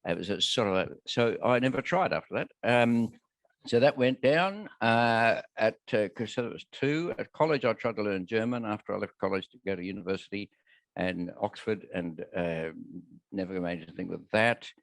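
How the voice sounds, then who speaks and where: An older man answers questions as a guest speaker, his low voice dry and close on a handheld mic. He tells self-deprecating stories in a wry, easy way. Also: expressive, normal speed, vocal fry, no room sound. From Australia. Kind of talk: casual Q&A with anecdotes. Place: city lunchtime meeting room. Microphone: shared handheld mic.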